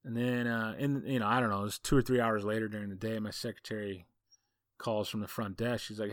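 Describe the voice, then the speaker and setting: A man's voice: lowish voice, fairly even intonation, fast talker, no echo, clean studio sound. A man, a football coach hosting a podcast, telling a story in a casual, folksy, rambling way full of asides.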